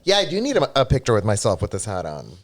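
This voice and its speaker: A man co-hosting a live stream, talking in an animated, exclaiming way. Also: lowish voice, fast. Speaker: podcast co-host. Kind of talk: casual live-stream chat.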